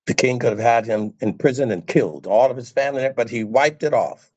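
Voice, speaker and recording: A man's voice: mid-range voice, a little fast, a little mellow, no echo, dull audio. A male preacher giving a sermon, emphatic and repeating phrases for stress.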